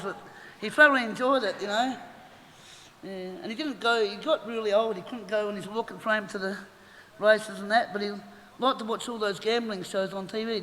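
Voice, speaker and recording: The speaker is a middle-aged Australian woman with a mid-range, slightly bright voice, telling chatty, meandering stories in a eulogy and laughing along the way. The funeral hall recording is echoey, with faint noise.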